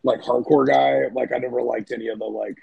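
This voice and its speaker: A man's voice: medium pitch, fairly even intonation, brisk, darkish tone, dry recording, muffled recording. A man, a band's singer and guitarist, talking casually and loosely in a podcast chat, with lots of fillers and swearing. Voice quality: gravelly, husky voice. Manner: rambling, loose, swears often, many fillers.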